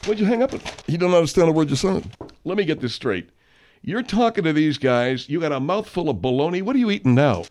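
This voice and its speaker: A man's voice: fairly high pitch, lively intonation, brisk, a little mellow, a little hiss or hum, close to an everyday voice. A man voicing a blustery, baffled middle-aged restaurant owner who bickers in an exasperated way.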